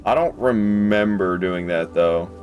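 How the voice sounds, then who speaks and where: A man giving casual live commentary on a game, excitable, swearing casually and talking to his chat. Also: low-pitched, measured pace, lo-fi sound, soft background music. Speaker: game streamer.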